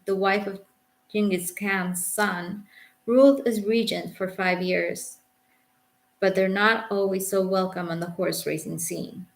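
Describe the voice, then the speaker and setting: A young Englishwoman reads her travel memoir aloud with a low, gravelly fry settling into her phrases. Her delivery is reflective, and she holds a dry, understated wit. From England. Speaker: author reading her memoir. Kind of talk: audiobook memoir narration.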